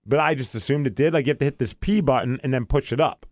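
A man's voice: mid-range voice, fast, a little mellow, no echo. A man on a podcast telling a story in casual chat, acting out both sides of the dialogue. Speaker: podcast host.

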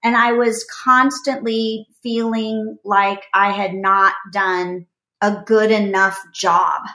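A woman's voice: medium pitch, fairly even intonation, slow pace, pushed and bright. A middle-aged woman, a guest author, telling a heartfelt story in an earnest, faith-based podcast conversation. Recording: roomy echo.

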